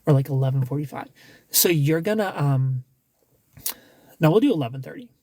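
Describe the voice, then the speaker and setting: A man's voice: fairly high pitch, expressive, moderate pace, a little mellow, no room sound. A man hosting a casual livestream, giving blunt dating advice with lots of restarts and some swearing.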